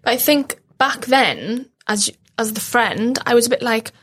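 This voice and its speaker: A woman's voice: on the high side, lively intonation, unhurried, fairly bright tone, slightly rough. A young woman with a British accent, a podcast co-host speaking in a heartfelt, rambling way. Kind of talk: emotional podcast conversation.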